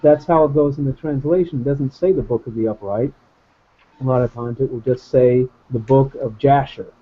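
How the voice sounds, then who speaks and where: A man's voice: medium pitch, normal speed, breathy edge, phone-quality sound. A man in a casual Bible study discussion on a video call, rambling and hesitant but good-humored.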